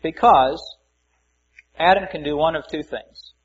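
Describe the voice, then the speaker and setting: A man's voice: a little high, unhurried, slightly rough. A man preaching a conversational Bible-teaching sermon, reading scripture aloud and adding folksy asides. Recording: muffled lo-fi recording.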